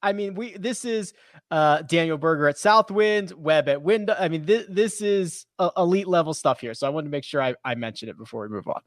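Animated high-voiced male podcast host. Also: fairly quick, dry recording, clean studio sound. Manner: animated, restarts and trips over himself. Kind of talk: casual sports podcast chat.

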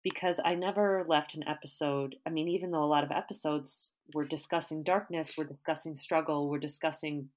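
Low-voiced thoughtful woman interviewer. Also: steady tone, brisk, hardly any pauses. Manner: warm, thoughtful, rambling questions with fillers. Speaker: interviewer, artist. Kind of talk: interview questions.

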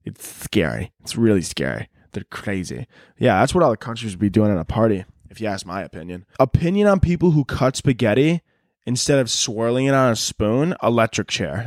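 A man's voice: medium pitch, darkish tone, dry recording, clean studio sound. A young man hosting a solo podcast, ranting and joking in a profane, rambling way and slipping into silly voices. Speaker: podcast host. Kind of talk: solo comedic podcast rant.

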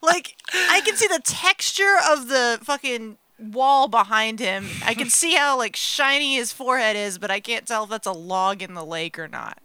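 A woman's voice: fairly high pitch, normal speed, hardly any pauses, bright, forceful tone, clear, resonant tone, dry recording. A woman in casual podcast banter, blunt and sarcastic, swearing freely. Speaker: podcast co-host. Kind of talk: casual chat.

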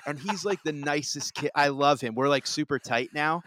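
A man's voice: on the high side, normal speed, a bit bright, a little hiss or hum. Rambling man telling a story. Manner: rambling storyteller, many restarts and fillers. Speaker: podcast co-host. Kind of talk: casual chat.

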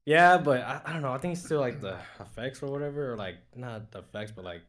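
A man calling in to a talk show, telling a rambling story loudly and eagerly. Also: mid-range voice, expressive, fast talker. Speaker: caller. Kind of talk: casual call-in chat.

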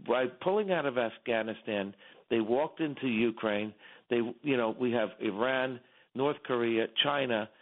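Fervent man on a tinny phone line. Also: medium pitch. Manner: fervent, repetitive, with restarts. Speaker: phone-in guest. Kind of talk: impassioned political commentary.

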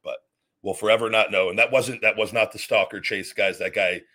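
A man's voice: on the low side, steady tone, fairly quick, pushed and bright. A man hosting a podcast, reacting casually to a listener's promo and often stumbling over and repeating words. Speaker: podcast host.

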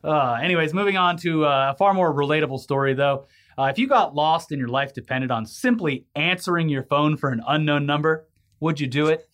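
Casting: man co-host, fairly high voice, rambling casual delivery, quick to laugh. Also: a bit bright. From California. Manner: rambling, laughs easily, reads news stories aloud. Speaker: podcast co-host. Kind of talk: casual news chat.

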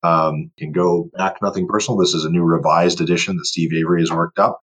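Guest, male, deep husky voice, driven and emphatic, interview chat. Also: steady tone, fast talker, fairly bright tone. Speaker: guest, board game company owner. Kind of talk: casual podcast interview.

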